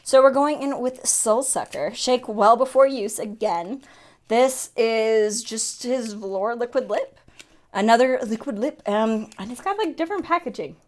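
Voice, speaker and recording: A young woman in a casual makeup unboxing vlog, chatty and excitable, often gasping and laughing. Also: on the high side, a little slow. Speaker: beauty vlogger.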